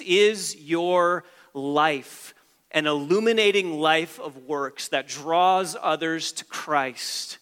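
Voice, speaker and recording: A man's voice: a little high, a bit bright, long reverb tail. A man preaching a sermon as a pastor, emphatic and repeating key phrases for stress.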